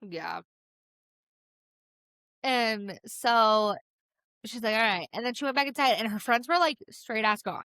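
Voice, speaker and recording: A woman's voice: on the high side, measured pace, pauses often, no echo. A young woman co-hosting a podcast in casual chat, retelling scenes with acted-out quotes and frequent swearing. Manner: animated retelling, acts out quotes, swears freely. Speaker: podcast co-host.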